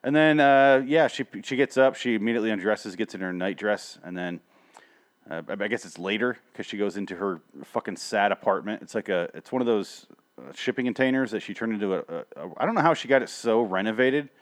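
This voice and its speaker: A man's voice: on the low side, a little fast. A young adult man hosting a show, recapping episodes in a rambling, sarcastic way with frequent swearing. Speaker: show host reviewing TV episodes. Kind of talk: casual profane rambling recap.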